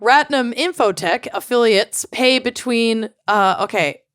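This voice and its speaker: A young woman with a fairly high voice tells a true crime story in a loose, chatty way. She giggles often and keeps the tone light and playful as she co-hosts. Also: a little slow, fairly bright tone, clean tone, no room sound, studio quality. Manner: giggly, breaks into laughter often. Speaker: podcast co-host. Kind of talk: casual chat, telling a true crime story.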